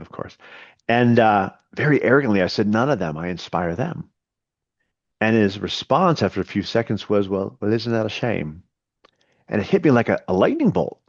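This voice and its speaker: Middle-aged male coach, low voice, earnest storyteller who stumbles and repeats words. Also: dry recording, highs cut off. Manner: earnest, with frequent repetitions and restarts. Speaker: podcast guest, coach. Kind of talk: storytelling in an interview.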